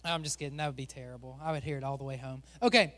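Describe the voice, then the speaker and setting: A man's voice: medium pitch, steady tone, racing, a bit bright, big-room sound. A male pastor giving a playful sermon, joking and chatting with volunteers on a church stage.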